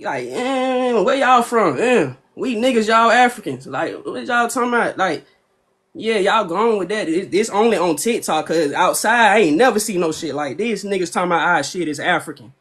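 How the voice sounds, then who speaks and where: A man's voice: sits high, expressive, normal speed, a bit bright. A man in a heated live debate, slangy and confrontational, firing off rhetorical questions. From Atlanta, US.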